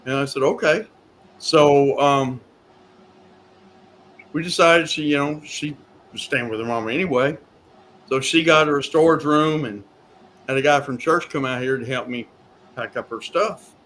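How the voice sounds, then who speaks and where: Male guest, animated storyteller, slightly high pitch, faint background noise. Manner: rambling animated storytelling with repeated words. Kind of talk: storytelling in a talk show interview.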